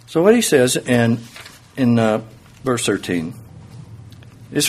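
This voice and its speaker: A male preacher with a husky, slightly breathy voice delivers a sermon in a relaxed, conversational way. His pitch moves lively and wide as he asks rhetorical questions and explains the text. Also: takes it slowly, pauses often.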